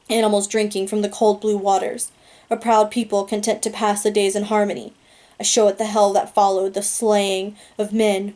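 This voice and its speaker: A woman reads a novel aloud in a calm, steady way. Her voice is mellow and dark, and her delivery is flat and even. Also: mid-range voice. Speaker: audiobook reader.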